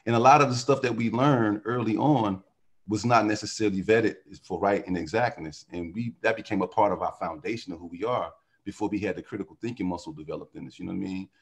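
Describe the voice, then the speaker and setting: A man's voice: fairly low pitch, fast, husky. A man talking as a podcast guest in casual conversation, riffing animatedly and philosophically on word origins.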